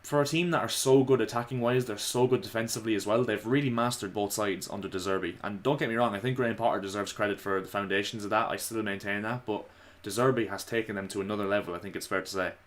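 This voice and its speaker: A man giving casual, opinionated football commentary to his viewers, slightly hoarse. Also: on the low side, fast, hardly any pauses. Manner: chatty, opinionated, addresses viewers as lads. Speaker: football vlogger.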